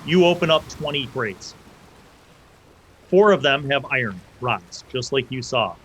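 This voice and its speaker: Young man as game master, casual halting narration, mid-pitched voice, faint hiss behind. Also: animated, a bit bright, low-quality recording. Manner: loose, casual, halting with fillers. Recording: faint background noise.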